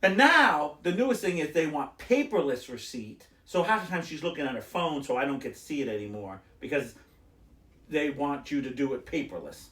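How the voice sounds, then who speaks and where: A man's voice: fairly high pitch, normal speed, roomy sound, far from the mic. A man hosting a podcast, chatting casually and acting out clerks as he tells a story. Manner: animated storyteller, acts out store clerks, swears casually. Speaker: podcast host. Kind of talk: casual chat.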